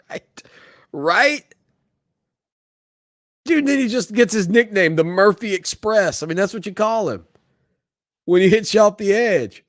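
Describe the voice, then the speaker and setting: A man's voice: high voice, lively intonation, measured pace, pauses often, dry recording, clean studio sound. A man hosting a sports talk show in a casual, playful way, joking with viewers. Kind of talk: casual chat.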